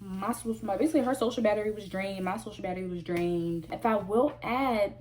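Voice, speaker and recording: A woman vlogger telling a story in a casual, animated way, full of slang and emphatic repeats. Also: medium pitch, brisk.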